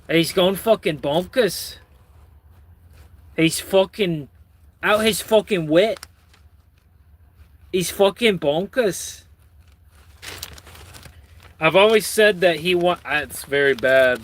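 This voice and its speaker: A man's voice: on the high side, fairly bright tone. A man hosting his own channel, reading news stories with rambling, sardonic and profane commentary. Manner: rambling, sardonic, swears a lot. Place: lives in Michigan.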